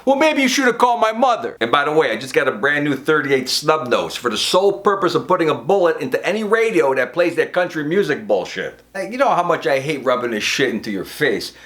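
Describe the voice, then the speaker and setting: A man's voice: fairly high pitch, animated, brisk, few pauses, a bit bright. A brash, profane man, performing a comic monologue as a construction boss scolding his crew. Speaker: comedian playing a construction boss.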